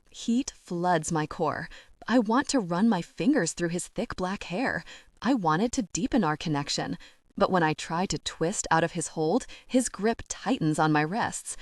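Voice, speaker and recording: A woman's voice: fairly low pitch, expressive, unhurried, a little mellow, no room sound, clean studio sound. Woman reading an intimate romance audiobook. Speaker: audiobook narrator. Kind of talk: first-person romance audiobook narration.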